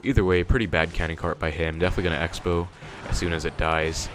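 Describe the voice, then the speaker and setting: A young man who makes gaming videos gives casual commentary on his own gameplay, thinking aloud with many fillers. He talks fast in a deep voice with fairly even intonation, over slight background noise.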